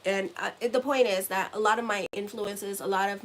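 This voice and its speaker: A woman's voice: medium pitch, fairly even intonation, brisk, slight background noise, low-quality recording. Chatty rambling woman tarot reader. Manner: rambling and chatty, tags lines with "okay?". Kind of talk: casual tarot reading to camera.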